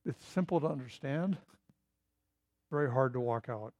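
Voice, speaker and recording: A man's voice: medium pitch, moderate pace, darkish tone. A middle-aged man preaching a sermon in an earnest, emphatic way, driving points home through repetition. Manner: earnest, emphatic, repeats key phrases.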